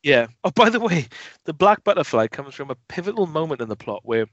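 Animated man reviewing films, lo-fi. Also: fairly quick, no echo. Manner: animated, mimics film scenes in a lowered voice. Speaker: podcast co-host. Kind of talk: casual film review chat. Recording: dull lo-fi dry sound.

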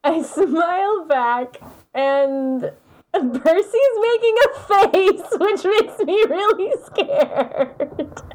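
A woman playing a tabletop game who hesitates with fillers and then lays on the charm. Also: sits high. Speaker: player.

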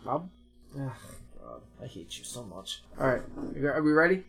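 A man's voice: mid-range voice, moderate pace, creaky, breathy edge, faint music behind. A man co-hosting a podcast, bantering crudely with friends and reading song lyrics in a mock-dramatic voice. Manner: joking, crude, reads lyrics in a flat dramatic voice. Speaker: podcast co-host.

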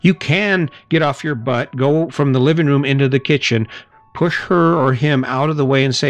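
A man's voice: medium pitch, moderate pace, faint music behind. A middle-aged man hosting a motivational podcast, talking casually and acting out short everyday exchanges. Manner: casual, chatty, laughs and acts out little scenes. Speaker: podcast host.

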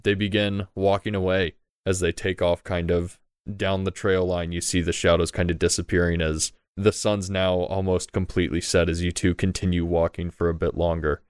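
Male game master, very deep voice, smooth, dry close mic. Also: normal speed, hardly any pauses, dry recording. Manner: relaxed, filler-heavy narration. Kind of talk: narrating a tabletop game.

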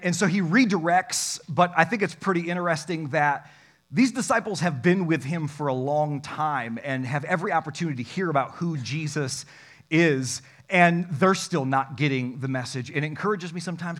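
A pastor preaching a lively sermon, mixing scripture reading with jokes, swinging between loud and soft. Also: male voice, fairly high pitch. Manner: animated, jokey preaching with sudden loud and soft turns.

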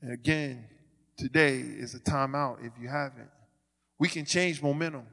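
A man giving a sermon testimony as a ministry leader, stammering and restarting, swinging from quiet asides to loud declarations. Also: mid-range voice, moderate pace, vocal fry, in a large hall.

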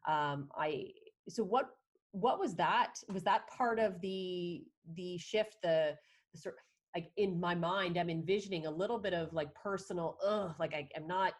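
Reflective woman podcast host, low voice. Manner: reflective, searching for words, many restarts. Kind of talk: casual interview.

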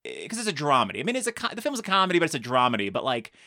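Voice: mid-range voice, huge pitch swings, racing, bright, forceful tone, no room sound, studio quality. A podcast co-host summing up a film plot in casual, joking chat, full of restarts and filler words. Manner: chatty, jokey, many restarts and "like".

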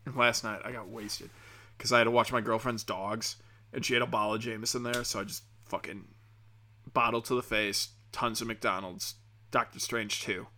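Tipsy young dude ranting, swears a ton, bright sharp voice, lots of ums. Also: male voice, on the low side, fairly even intonation, normal speed. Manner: rambling, profane, with frequent fillers. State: tipsy from drinking. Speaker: comedian and podcast host. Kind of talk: crude comedic rant.

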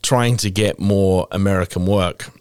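Deep-voiced British actor, rambling chat. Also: male voice, fairly even intonation, measured pace, a little mellow, clean tone, no room sound, clean studio sound. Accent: British English. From England. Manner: rambling, self-deprecating, many fillers and restarts. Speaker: actor, podcast guest. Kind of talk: casual interview chat.

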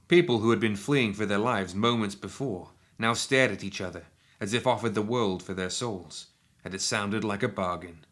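A man narrating a written action story in a steady, measured storytelling manner. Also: lowish voice. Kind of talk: scripted audiobook narration.

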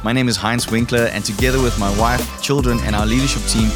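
A man's voice: mid-range voice, steady tone, fast. Man reading a formal podcast intro. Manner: formal, welcoming. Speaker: podcast host. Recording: music bed playing loudly behind. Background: loud music.

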